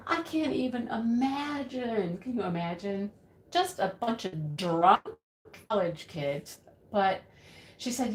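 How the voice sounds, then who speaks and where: A woman telling a story in an animated, exclaiming way. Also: medium pitch, slow, background noise. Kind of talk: storytelling chat. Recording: roomy echo.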